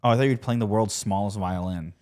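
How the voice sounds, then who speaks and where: A woman co-hosting a podcast, tossing out quick sarcastic quips and teasing her co-host. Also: rumbling low, darkish tone. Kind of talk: casual chat.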